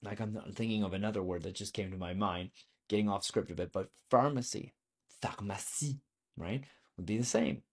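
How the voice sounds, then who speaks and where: A man's voice: deep voice, fairly even intonation, fairly quick, husky. A man teaching a video lesson on French vocabulary, explaining patiently and asking the viewer questions.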